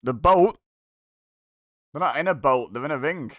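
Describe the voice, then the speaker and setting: A man's voice: mid-range voice, expressive, fast, a bit bright, no echo, studio quality. A man hosting a watch-along, giving casual, sarcastic reaction commentary and chuckling to himself.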